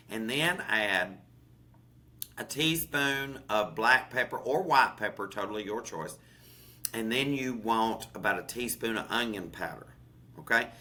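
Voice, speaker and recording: A man's voice: on the low side, bright, forceful tone. A man with a Southern US accent, a chef co-hosting a podcast, chatting casually and folksily about recipes, often saying "honey" and "okay?". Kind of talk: casual cooking chat.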